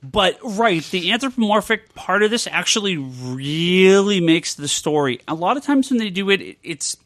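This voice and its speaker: A man's voice: high-pitched, expressive, normal speed, fairly bright tone, no room sound, studio quality. An American man co-hosting a podcast, talking casually in a rambling, enthusiastic way, often correcting himself. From United States. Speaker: podcast co-host. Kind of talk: casual chat.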